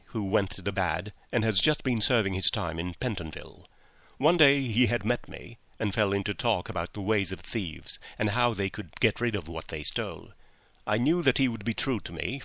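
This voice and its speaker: A man's voice: on the low side, a bit bright, no room sound. A man reading an audiobook, voicing a terrified young male jewel thief who pleads frantically and shrilly.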